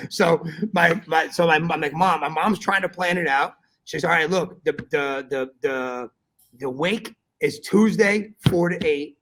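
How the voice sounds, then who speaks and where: A man hosting a podcast, telling a story in animated casual chat, swearing often and calling his listener bro. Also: a little high, measured pace. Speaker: podcast host.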